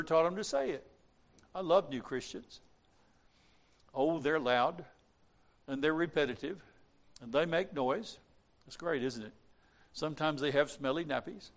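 Man preaching, slightly high voice, hushed then loudly crying out. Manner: dramatic swings from hushed to loud cries. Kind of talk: sermon.

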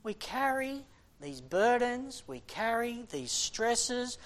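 A man preaching a sermon as a missionary, impassioned, swinging between loud exhortation and quiet, sighing asides. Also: very high voice, very animated, slow.

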